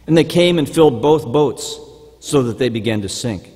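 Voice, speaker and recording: A man giving a measured, formal reading of scripture during a church service. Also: mid-range voice, lively intonation, dark tone. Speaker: scripture reader. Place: church sanctuary. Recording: church hall reverb.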